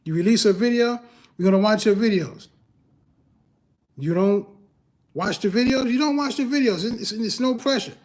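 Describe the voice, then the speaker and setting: Casting: man with a high voice, emphatic livestream coach who hammers his points with repetition and rhetorical questions, casual slangy delivery. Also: moderate pace, long pauses, a little mellow. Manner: emphatic, repeats key phrases, fires rhetorical questions. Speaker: YouTube growth coach and host.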